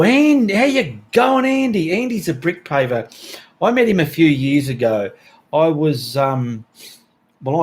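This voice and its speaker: A man's voice: medium pitch, a little mellow. An Australian man hosting an art livestream, reading out viewer comments in a friendly, chatty way with slips and restarts.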